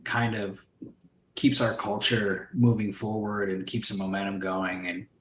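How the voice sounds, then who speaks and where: On a casual podcast interview, a man who owns a solar sales company speaks as a guest, his voice fairly low and level in tone. He talks loosely and unhurriedly, swearing and using lots of fillers, and the sound is reverberant.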